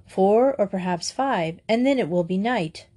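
A woman voicing a plain-spoken mountain herdsman who talks calmly and matter-of-factly. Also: mid-range voice, a little slow.

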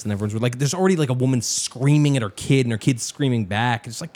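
A young man telling a story in casual chat, animated and swearing often, acting out other people's lines. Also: mid-range voice, quick pace, hardly any pauses.

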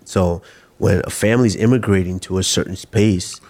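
A man from Nigeria speaks as a podcast guest with a very low voice. He talks thoughtfully, pausing and restarting as he works through his ideas. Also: a little mellow. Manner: thoughtful, restarts and repeats while thinking. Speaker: guest, fighter. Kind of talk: casual interview chat.

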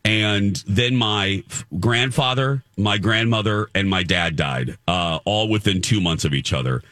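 A man's voice: fairly low pitch, unhurried, a bit bright, dry recording, clean studio sound. A man hosting a show, telling a personal story in a rambling, earnest way with many restarts. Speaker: radio show host. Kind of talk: casual morning-show chat and storytelling.

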